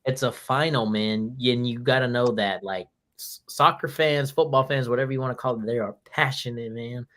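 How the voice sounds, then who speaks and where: Jokey, animated man telling stories. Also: medium pitch, normal speed. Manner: animated storyteller, jokey, swears. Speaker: podcast co-host. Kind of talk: casual chat.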